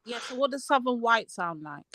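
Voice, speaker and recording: A woman's voice: on the high side, lively intonation, moderate pace, pushed and bright, no echo. Teasing woman on a dry mic. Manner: teasing, questioning, laughs easily. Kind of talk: casual live stream chat.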